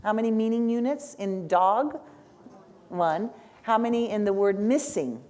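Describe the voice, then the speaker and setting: Animated woman lecturing teachers. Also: medium pitch, a little slow. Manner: animated, asks the audience questions, frequent "right?"; speaks as the learner in first person. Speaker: lecturer on spelling instruction. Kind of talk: workshop lecture.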